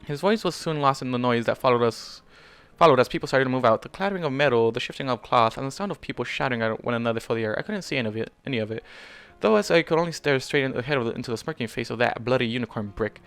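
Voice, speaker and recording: A man's voice: medium pitch, racing, a bit bright, clear, resonant tone. A man reading a fan story aloud in first person, stumbling and correcting himself now and then. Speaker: fanfiction reader.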